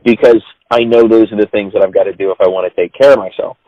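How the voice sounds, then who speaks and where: A man chatting casually on a podcast, relaxed and teasing. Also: fairly low pitch, fast talker, no room sound, muffled recording. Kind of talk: casual chat.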